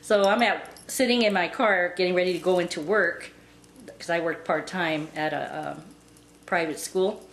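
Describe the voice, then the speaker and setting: Rambling woman, low voice, roomy sound. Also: moderate pace. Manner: rambling, with many "and, uh" fillers. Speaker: vlogger telling a pet story. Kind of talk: casual storytelling. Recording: roomy with faint background noise.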